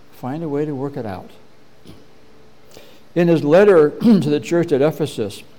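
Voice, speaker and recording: A middle-aged man preaching a measured, earnest sermon as pastor, often clearing his throat. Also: a little high, dark tone.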